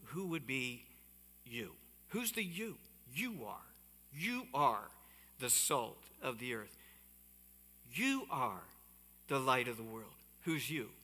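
A man preaching a sermon as pastor on a body mic, animated and given to asides to the congregation. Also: fairly high pitch, big-room sound. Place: church sanctuary. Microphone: body-worn mic.

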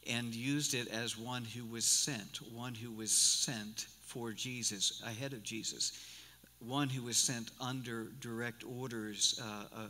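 Folksy sixty-something pastor in a reverberant church. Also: male voice, mid-range voice, fairly even intonation, unhurried, pushed and bright. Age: 60s. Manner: folksy and rambling, with many repeated starts. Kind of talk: sermon. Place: church sanctuary. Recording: live church recording with long hall reverb.

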